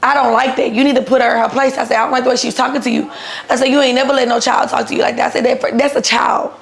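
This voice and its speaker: A woman's voice: fairly high pitch, racing, creaky. A woman in her thirties telling her own story casually, blunt and profane, acting out the people she quotes. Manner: blunt, profane, animated retelling with quoted dialogue.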